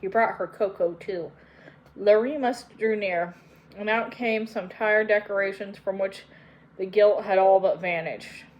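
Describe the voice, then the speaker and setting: A woman narrating an audiobook in a measured, unhurried way. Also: medium pitch, highs cut off. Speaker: audiobook reader.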